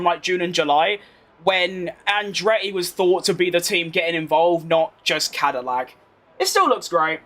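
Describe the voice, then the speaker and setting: This young London streamer, with a posh tinge to his London accent, chats through live commentary on a racing game and wanders into rambling asides while answering chat. His voice is high-pitched and a bit bright.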